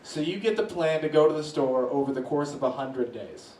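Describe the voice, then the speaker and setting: A man doing stand-up, telling a story with lively swings in his voice as he acts out reactions. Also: fairly quick. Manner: animated, voices swing high when acting out reactions. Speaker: stand-up comedian. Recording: echoey room from a distance.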